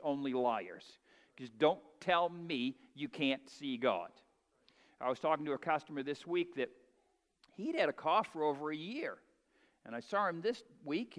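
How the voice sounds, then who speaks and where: A man preaching a sermon in a folksy way, building to loud, emphatic peaks. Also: a little high, long reverb tail. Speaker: pastor.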